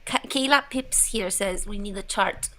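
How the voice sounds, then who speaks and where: A woman's voice: mid-range voice, moderate pace, sharp tone, rough recording. A woman co-hosting a casual livestream, quizzical and rambling, with frequent giggles. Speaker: co-host.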